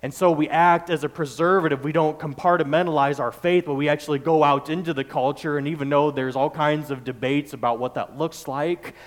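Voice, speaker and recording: A man's voice: fairly high pitch, fairly even intonation, a little fast, hardly any pauses. A male pastor preaching a sermon, building his points through repeated phrases and lists.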